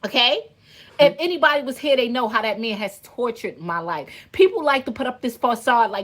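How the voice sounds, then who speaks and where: Give me a woman venting hard in casual talk, fired up and cursing, with a fairly high voice. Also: expressive, a little fast, fairly bright tone. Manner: heated, profane, ranting. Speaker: content creator. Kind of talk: emotional casual monologue.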